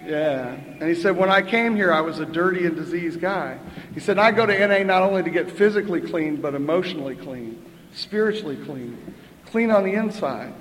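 A man's voice: on the high side, a little fast, fairly bright tone, slight background noise. An older man telling a wry, chatty story at a twelve-step recovery meeting, often tossing in "right?" and a laugh. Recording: echoey hall with faint ambience.

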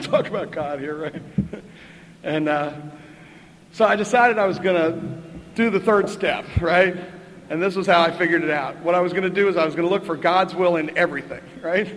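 A man's voice: fairly high pitch, fairly bright tone, slight background noise. An older man telling a wry, chatty story at a twelve-step recovery meeting, often tossing in "right?" and a laugh. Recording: echoey hall with faint ambience.

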